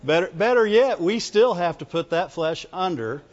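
A man's voice: high-pitched, expressive, moderate pace. A man preaching a folksy sermon in church, calling out to the congregation for amens as he goes. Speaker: pastor. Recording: dull lo-fi recording with long reverb.

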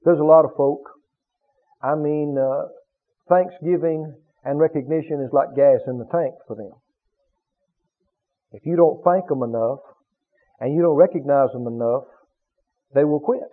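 A man's voice: on the high side, measured pace, pauses often. A man preaching a sermon, questioning the congregation and acting out little scenes. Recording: phone-like tinny recording.

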